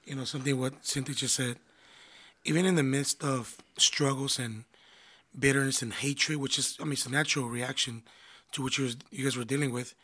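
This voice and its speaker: A man's voice: mid-range voice, fairly even intonation, brisk, bright, forceful tone. A man, a pastor and marriage counselor, talking earnestly in a casual conversation and often restarting his phrases.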